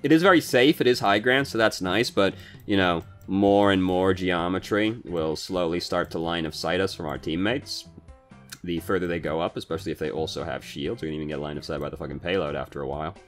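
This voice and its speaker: Deep-voiced male game coach, relaxed and foul-mouthed, mild background guitar. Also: fairly quick. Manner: swears casually and vents frustration. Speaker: gaming coach reviewing a match. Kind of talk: casual gameplay commentary.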